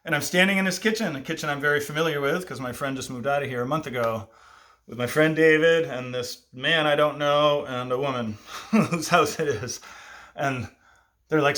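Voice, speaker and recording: A man in his fifties telling a personal childhood story, lively and self-amused, with asides to the listener. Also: a little high, normal speed. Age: 50s.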